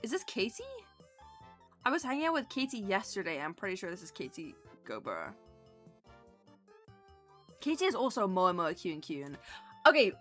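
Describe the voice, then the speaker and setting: A woman's voice: mid-range voice, sing-song, moderate pace, long pauses, a bit bright, faint music behind. A woman streamer chatting casually with her viewers, rambling and giggly as she drifts into tangents. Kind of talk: casual livestream chat with viewers.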